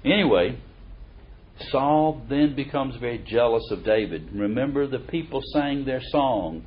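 A middle-aged man teaching a Bible lesson in a chatty, folksy way. His pitch swings widely as he acts out the verses, and the recording sounds dull and lo-fi. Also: a little slow. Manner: folksy and animated, reads verses aloud with emphasis. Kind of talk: conversational sermon.

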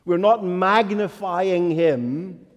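A man preaching a sermon as a pastor, deliberate and building to emphatic declarations. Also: high voice, big-room sound.

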